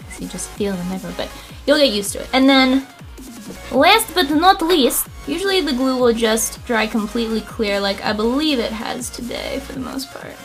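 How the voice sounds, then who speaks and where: A woman's voice: a little high, wildly swooping pitch, a little fast, faint music behind. A woman hosting a makeup tutorial, chatting casually and explaining each step with self-deprecating asides. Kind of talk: casual how-to talk.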